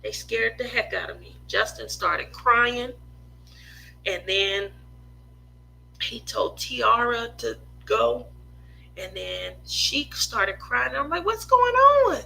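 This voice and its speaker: Woman, 40s, craft vlogger, casual rambling chat, slow, very sharp bright tone. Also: a little high, vocal fry, a little hiss or hum, poor audio. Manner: rambling, open, full of "you know" and "um". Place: home craft room.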